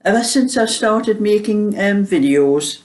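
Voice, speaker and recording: A woman's voice: mid-range voice, expressive, measured pace, a little mellow. A woman with a Geordie accent chatting casually to camera as a vlogger, homely and full of small hesitations. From Newcastle upon Tyne, England.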